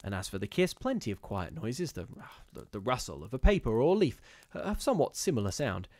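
A man reading a gothic ghost story aloud in a measured, steady storytelling manner with occasional brief restarts. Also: medium pitch, no echo. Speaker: reader of ghost stories.

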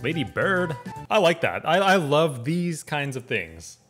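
A man's voice: on the high side, sing-song, unhurried, fairly bright tone, breathy edge, soft background music. Chatty American man reacting casually. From California. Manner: chatty, rambling, with frequent restarts. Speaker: reaction video host.

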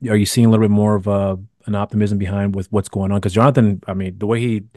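A man hosts a casual interview podcast, piling up long, winding questions full of restarts and fillers. He talks quickly in a lowish voice. The sound is dry and close. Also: little pitch movement, dark tone, dry recording. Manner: rambling, many restarts and fillers. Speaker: podcast host.

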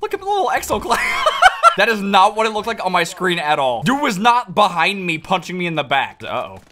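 A gaming video creator giving live gameplay commentary, excitable, swearing and laughing often. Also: mid-range voice, fairly quick, very noisy.

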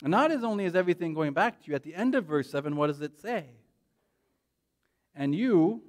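A man preaching a sermon in a church, animated and conversational, often checking in with "right?". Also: a little high, a little fast, long pauses. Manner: animated, frequent "right?" tag questions. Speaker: pastor.

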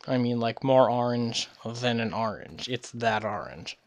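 In a measured, mid-range voice with lively intonation, a tired gamer recovering from illness offers casual commentary on a strategy game. He's chatty and rambling, often correcting himself before finishing a sentence.

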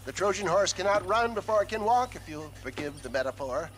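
An actor playing a smooth-talking old con-man with theatrical, flowery speech, heard as game audio under loud noise. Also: sits high, lively intonation, a little fast. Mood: scheming. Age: older.

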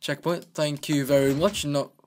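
A man's voice: fairly high pitch, fairly even intonation, moderate pace, a little hiss or hum. A man giving casual, joking commentary on his own gameplay, chatting away and talking to himself at a desk microphone. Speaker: gaming channel host.

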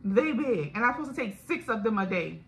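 A woman's voice: fairly high pitch, sing-song, a little fast, a little hiss or hum, low-quality recording. A woman with a Louisiana accent, chatting candidly and directly to her viewers in a casual video diary. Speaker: vlogger. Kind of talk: casual chat to camera.

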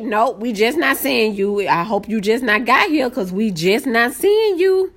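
Woman, live-stream host, easily excited, swoops up and down in pitch. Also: a little slow, few pauses, a little hiss or hum. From Southern United States. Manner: excitable, greets viewers by name, voice jumps high when excited. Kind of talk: casual live-stream chat.

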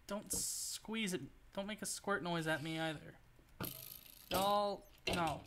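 A man's voice: high-pitched, steady tone, takes it slowly, gravelly, fairly bright tone, a little hiss or hum. A man streaming a video game, rambling and joking through his play and swearing when things go wrong. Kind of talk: casual gameplay commentary.

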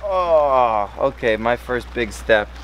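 A man filming a casual fishing vlog outdoors by a pond, chatty and excitable, hurting from a cut on his hand. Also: takes it slowly, slight background noise. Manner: excitable, talks to his fish in a high baby voice. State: in pain from a cut. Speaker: fishing vlogger.

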